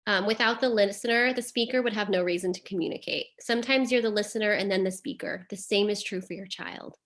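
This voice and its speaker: A fast-talking woman with a medium-pitched, fairly bright voice presents a caregiver webinar as a behavior analyst. She explains terms simply, leaning frequently on "um" and "like."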